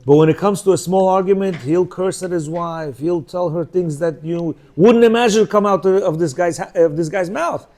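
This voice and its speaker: This mellow-voiced, middle-aged religious teacher has a high voice and moves at a moderate pace with few pauses through a casual Torah lecture. He often checks in with "yeah?" or "you know" and voices quoted lines in changing tones.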